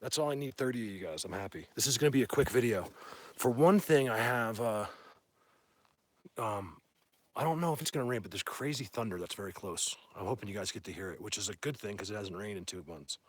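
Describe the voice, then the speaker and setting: A man livestreaming from a phone in a mountain wilderness, chatting to viewers in a rambling, excitable way as a bigfoot hunter. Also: lowish voice, a little fast, dry recording. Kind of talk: casual live stream chat. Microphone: phone held by hand.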